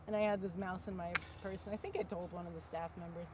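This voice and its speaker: A woman's voice: lowish voice, steady tone, fast, background noise. Chatty young woman telling stories outdoors. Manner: rambling, chatty, with many fillers and asides. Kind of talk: casual storytelling while working. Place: outdoors at a fence.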